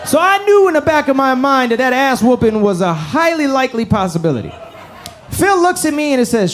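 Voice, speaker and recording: A man with a notably high voice performing stand-up, telling a story with animated, profane energy. He speaks into a stage mic, with faint hiss behind him. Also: brisk. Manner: animated, profane, punchline-driven. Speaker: stand-up comedian. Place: comedy club stage.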